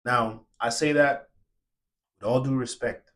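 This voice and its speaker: A man's voice: mid-range voice, fairly even intonation, a little slow, long pauses. Furious, profane man ranting. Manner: angry, profane, repetitive and confrontational; swings between shouting and quiet, remorseful murmuring. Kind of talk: impassioned solo rant to camera.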